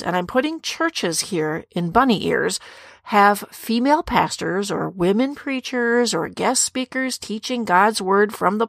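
A middle-aged woman teaches scripture on a podcast in an earnest, direct way, talking straight to her women listeners. Her voice sits at an ordinary middle pitch. It is recorded close and dry, with no room sound. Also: dry recording.

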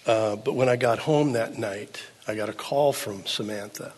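An older man preaching a sermon as pastor, swinging from hushed, low passages to loud, pleading ones. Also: moderate pace, slightly rough. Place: church sanctuary. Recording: long hall reverb.

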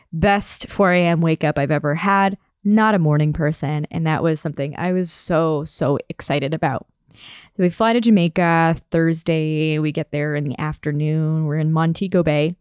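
A young woman casually telling a travel story in a chatty, animated way, laughing now and then. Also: sits low, no echo, clean studio sound.

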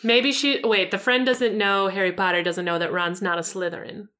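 A woman co-hosting a casual chat, tossing in short deadpan reactions and quips. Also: mid-range voice, moderate pace. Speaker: podcast co-host.

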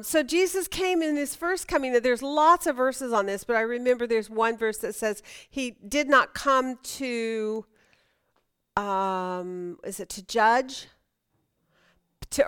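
A woman's voice: fairly high pitch, a bit bright, smooth. A middle-aged woman leading a Bible study lesson, talking conversationally, asking the class questions and often restarting her sentences.

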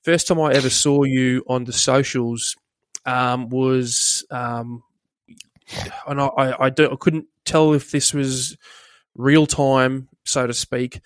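A man's voice: medium pitch, fairly even intonation, takes it slowly, clear, resonant tone, no room sound. A laid-back man hosting a podcast in a casual, chatty way, with a mid-range voice. He talks loosely and freely. His voice is recorded dry and close, with no room around it. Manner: laid-back, says mate and dude a lot. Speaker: podcast host. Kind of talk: casual interview chat.

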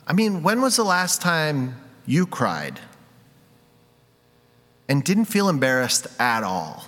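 A man's voice: fairly high pitch, big pitch swings, slow, a bit bright. A man preaching a conversational sermon, candid and self-deprecating, with many casual fillers. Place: church sanctuary. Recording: reverberant hall.

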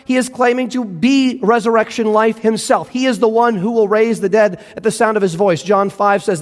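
A man preaching a sermon, earnest, dropping low and slow on key words for emphasis. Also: big-room sound. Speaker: pastor.

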